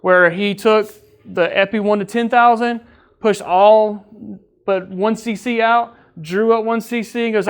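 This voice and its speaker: In an easygoing, conversational training talk, a man with a fairly high voice teases his crew and keeps checking in with a fast "right?". He sounds like a training officer talking with coworkers, not someone following a script, and the whole thing is a relaxed lecture full of jokes.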